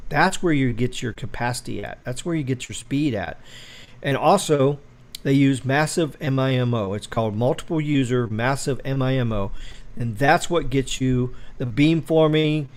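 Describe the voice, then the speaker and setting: A man's voice: mid-range voice, a little mellow. A man hosting a livestream, chatting loosely, answering viewer comments and explaining wireless technology in a rambling way. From United States. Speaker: tech livestream host. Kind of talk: casual livestream chat.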